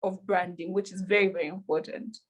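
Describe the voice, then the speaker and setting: A woman being interviewed about running her businesses, answering in an earnest, measured way with frequent fillers. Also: lowish voice, steady tone, lo-fi sound. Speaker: interview guest, entrepreneur.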